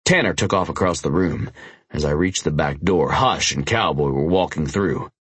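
A man reading first-person audiobook narration in a gritty, profane, intense manner, with a husky voice. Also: very deep voice, moderate pace, fairly bright tone, dry recording.

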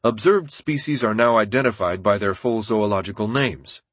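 Man, audiobook narrator, husky voice, steady measured reading, dry close recording. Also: lowish voice, no room sound.

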